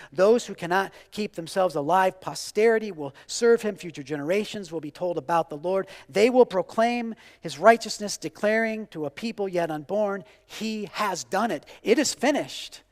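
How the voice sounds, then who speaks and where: A man in his forties preaching a sermon with passion, repeating phrases and swinging from loud declarations to hushed, quiet lines. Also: high voice, moderate pace, hardly any pauses, in a large hall. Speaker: pastor.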